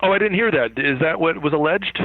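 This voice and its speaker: A man's voice: a little high, a little fast, dry recording. Rambling man on a tinny phone line. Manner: animated, rambling, laughs easily. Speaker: guest. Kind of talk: interview over the phone.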